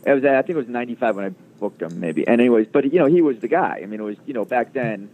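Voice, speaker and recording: A male guest, a Chicago-area sports radio producer, tells a lengthy story in a casual interview, rapid-fire and expressive, with a dark tone at medium pitch. He rambles, using many fillers and restarts, and the audio comes through a tinny, phone-like line.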